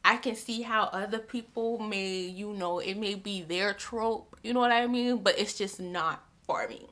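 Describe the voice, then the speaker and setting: A woman's voice: medium pitch, measured pace, a bit bright. A young woman vlogging about books in casual chat, chatty and repeating herself with lots of fillers. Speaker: book vlogger.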